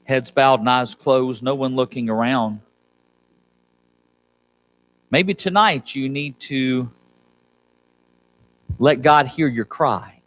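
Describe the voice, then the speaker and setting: A man's voice: medium pitch, slow, fairly bright tone, poor audio. A man preaching a sermon as pastor, pleading with the congregation and rising to urgent appeals. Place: church sanctuary.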